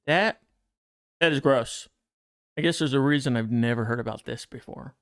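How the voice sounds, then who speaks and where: Gravelly-voiced man hosting a casual podcast. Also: mid-range voice, normal speed. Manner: chatty, prone to tangents, reads scripture aloud. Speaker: podcast co-host. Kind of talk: casual chat and Bible reading.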